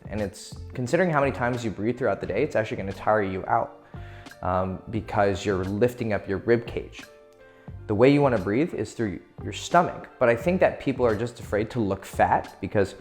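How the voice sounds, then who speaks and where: Guy with a lowish voice giving laid-back dating tips, swears a lot, laughs easy, faint music behind. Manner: loose and profane, laughing easily. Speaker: dating advice coach. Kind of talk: casual instructional talk.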